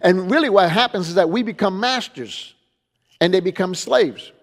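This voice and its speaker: A man's voice: high-pitched, normal speed. A man, a pastor, giving a teaching lecture in an emphatic style, repeating phrases and asking "okay?" to drive points home. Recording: long reverb of a hall.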